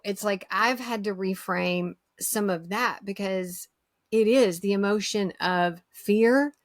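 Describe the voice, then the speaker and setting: A woman hosts a podcast interview, sounding casual, enthusiastic and agreeable while repeating herself often. Her voice sits in the mid range, captured dry in studio quality.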